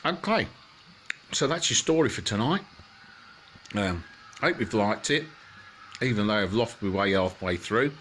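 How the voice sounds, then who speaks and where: A man telling a rambling comic bedtime story, full of halting restarts. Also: lowish voice, expressive, a bit bright, a little hiss or hum.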